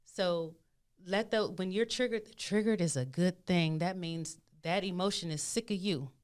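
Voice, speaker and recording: A woman with a lower-pitched, smooth and resonant voice speaks as a podcast guest. She talks casually and with animation, repeating her phrases for emphasis and acting out inner voices as she goes. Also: measured pace. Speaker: podcast guest, spiritual advisor.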